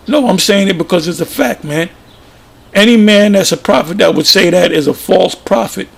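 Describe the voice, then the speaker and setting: A man's voice: high-pitched, normal speed, creaky, fairly bright tone. A man giving informal religious commentary, plain-spoken and emphatic, often repeating himself. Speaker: preacher.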